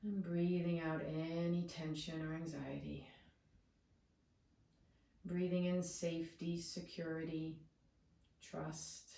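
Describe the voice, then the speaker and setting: A woman yoga teacher leading a guided breathing meditation with slow, soothing cues. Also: sits low, level tone, vocal fry, dark tone, far from the mic. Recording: echoey room, away from the mic.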